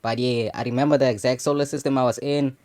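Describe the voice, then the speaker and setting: A man's voice: mid-range voice, fairly even intonation, quick pace, darkish tone. A young adult man telling a personal story in a loose, slangy way, filling his talk with casual asides. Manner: slangy and loose, full of "you know what I'm saying" fillers. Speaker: channel host.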